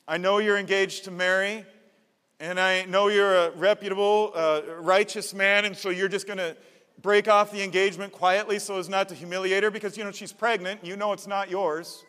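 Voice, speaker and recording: A man's voice: high voice, little pitch movement, moderate pace, sharp tone, clear, resonant tone, long reverb tail, voice pushed up. A man voicing a bold male angel messenger who speaks with emphatic, rising urgency. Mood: urgent.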